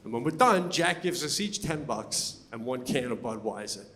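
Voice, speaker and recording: A middle-aged man tells stories in an animated stand-up set, sometimes bursting into loud shouts. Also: mid-range voice, moderate pace, in a large hall. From Long Island, New York. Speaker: comedian. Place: stage before a live audience.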